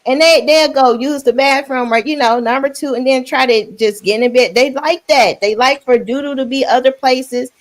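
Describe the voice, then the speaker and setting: A woman's voice: sits high, moderate pace, hardly any pauses. A woman hosting a casual panel chat, talking frankly and laughing often as she speaks.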